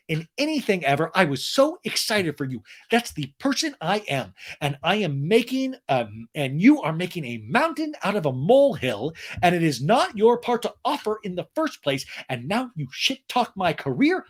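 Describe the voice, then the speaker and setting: Male podcaster impersonating a proud, indignant woman with a lively, swooping delivery. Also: high-pitched. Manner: indignant, slow and emphatic. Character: haughty offended woman, reality star.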